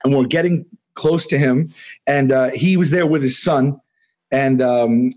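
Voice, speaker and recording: A man in his forties, a podcast guest, telling a story in a rambling, animated way, with many restarts and laughs. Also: mid-range voice, unhurried. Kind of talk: casual storytelling.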